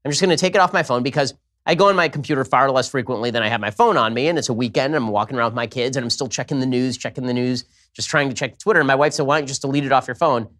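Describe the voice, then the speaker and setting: A man's voice: medium pitch, fairly bright tone. A man hosting a talk show, speaking in long, running sentences in a conversational interview. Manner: rapid, talks in long run-on sentences. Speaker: host.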